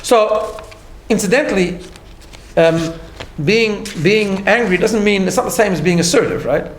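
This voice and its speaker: A man with a fairly high voice is teaching a class. He talks in an earnest, patient way and keeps checking in with his listeners. The sound carries a noticeable room echo. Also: a little slow, slight background noise. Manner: earnest, explains step by step, tags lines with "right?". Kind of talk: recorded class lecture.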